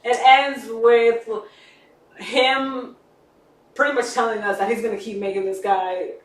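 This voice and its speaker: A woman co-hosting a casual podcast, retelling a story and acting out the characters' lines with big swings in pitch and loudness. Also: fairly even intonation, measured pace. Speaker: podcast co-host. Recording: echoey room, distant mic, faint background noise.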